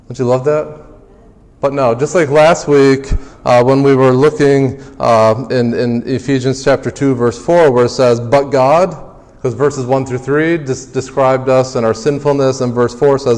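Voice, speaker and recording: A man delivers a sermon as pastor, pushing his voice up on key phrases and then dropping it low and quiet. His voice is of medium pitch for a man. It rings out with the long reverb of a large hall. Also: steady tone, unhurried. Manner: emphatic preaching, climbs louder and higher on key phrases then drops low.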